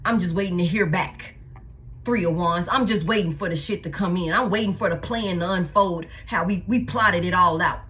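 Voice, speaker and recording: A woman voicing an angry, dismissive schemer who curses in rapid-fire contempt. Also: on the low side, a bit bright, a little hiss or hum, natural voice. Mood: contemptuous.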